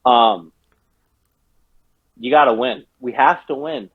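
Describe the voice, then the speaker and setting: A man's voice: medium pitch, slow, no echo, phone-quality sound. A man co-hosting a casual sports podcast, ranting and cursing while gaming on a headset, a little drunk. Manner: profane, heated ranting. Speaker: podcast co-host.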